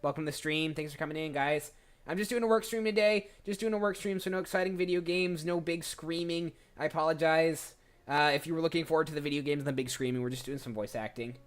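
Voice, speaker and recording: A man's voice: fairly high pitch, fast. A man streaming his voice acting work and chatting casually with viewers, self-deprecating. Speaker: voice actor streamer. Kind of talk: casual livestream chat.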